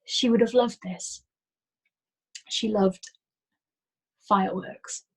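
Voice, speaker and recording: A woman reading a novel aloud as a storyteller, in a soft and gentle manner that sometimes drops to a whisper. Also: medium pitch, steady tone, slow pace, slightly rough, rough recording.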